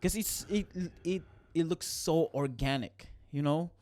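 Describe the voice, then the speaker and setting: Animated, rambling podcast co-host man. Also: fairly high pitch, a little slow, dry recording. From Philippines. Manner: animated, rambling, quotes scenes in voices. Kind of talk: casual chat.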